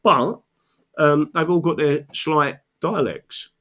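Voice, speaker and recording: A man's voice: fairly high pitch, slow, fairly bright tone. An older man, chatting casually and telling stories in a rambling way, swearing often and checking in with "right?". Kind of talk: casual storytelling chat.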